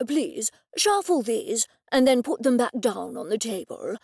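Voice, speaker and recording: A woman voicing a formal, precise gentleman who speaks in a measured, lecturing way. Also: on the high side, sing-song, breathy edge, no room sound, studio quality, exaggerated voice.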